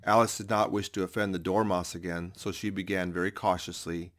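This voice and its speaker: Low-voiced man reading a storybook. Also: steady tone, a little fast, few pauses. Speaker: audiobook narrator. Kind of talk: storybook narration.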